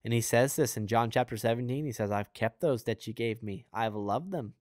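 In a medium-pitched, darkish voice, a hiccuping young man speaks fairly quickly on his own show. As podcast host and preacher, he offers an earnest, conversational Christian teaching that rambles with fillers and asides, recorded in studio quality with no room sound.

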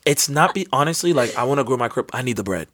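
Relaxed, reflective young man. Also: medium pitch, fast. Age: 20s. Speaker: podcast co-host. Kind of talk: casual podcast chat.

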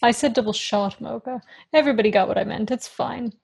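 A young woman in her twenties, co-hosting a podcast in relaxed, casual talk and laughing easily. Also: a little high, brisk, creaky, slightly rough. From Ireland. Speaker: podcast co-host. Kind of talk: casual chat.

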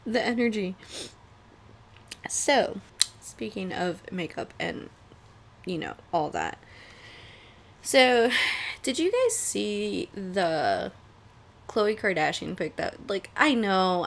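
A young woman hosts a casual solo podcast from a home room where an air conditioner runs. Her mid-range voice has vocal fry, and she rambles, laughs often, and swears freely.

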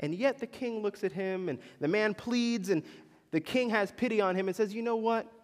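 A man's voice: high voice, moderate pace. A man preaching a sermon in a church, talking casually and putting questions to the congregation. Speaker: pastor. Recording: long reverb in a large hall.

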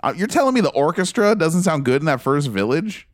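A man's voice: fairly high pitch, sing-song, brisk, no room sound, studio quality. A man co-hosting a casual podcast, talking in an emphatic, opinionated way. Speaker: podcast co-host. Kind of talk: casual chat.

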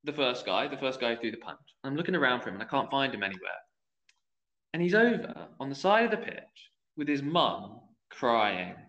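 Speaking in a sing-song, mid-range voice that's a bit bright and a little quick, a young youth football referee recounts a story on a casual podcast, voicing the people he quotes. The sound is dull and lo-fi, with room echo.

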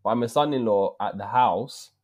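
A man's voice: mid-range voice, moderate pace. A man with an English accent in his thirties, telling a story in casual podcast chat with lots of slang. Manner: slangy, animated, drops in "bruv" often. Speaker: podcast co-host.

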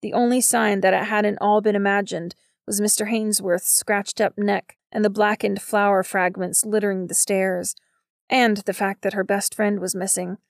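Woman narrator, audiobook reading, gravelly voice, steady and measured, dry close sound. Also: mid-range voice, dry recording.

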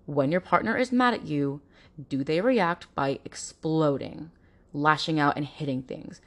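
A woman's voice: low-pitched, measured pace. A woman hosting an informative podcast, talking earnestly and directly to listeners, now and then mimicking other people in mocking voices. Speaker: podcast host.

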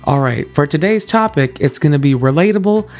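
A young man in his twenties hosting a podcast, telling a story in an animated, playful, self-mocking way. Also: a little high, fairly quick, soft background music. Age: 20s. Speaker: podcast host.

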